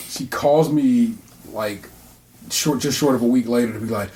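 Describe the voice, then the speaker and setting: A man's voice: medium pitch, measured pace. A man co-hosting a podcast, chatting casually and telling stories with acted-out dialogue. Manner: animated storyteller, acts out quoted dialogue, frequent restarts. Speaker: podcast co-host. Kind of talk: casual chat.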